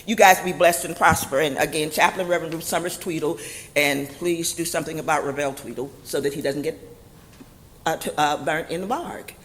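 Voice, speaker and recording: A woman's voice: sits low, fairly quick, in a large hall, slight background noise. A woman of seventy, a chaplain giving public comment at a board meeting, rambling and preacherly, blessing her listeners. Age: 70s.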